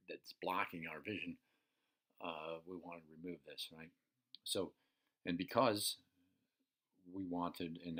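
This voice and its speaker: A man's voice: sits low, a bit bright. A man coaching listeners in a casual, unscripted teaching talk, profane and checking in with "right?" often. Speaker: personal development coach.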